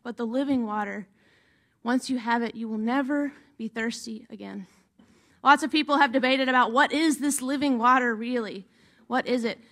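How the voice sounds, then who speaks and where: A woman's voice: fairly high pitch, normal speed, fairly bright tone. A woman pastor reads a gospel passage and then preaches about it in a conversational way, often turning to her listeners with "right?". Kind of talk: sermon.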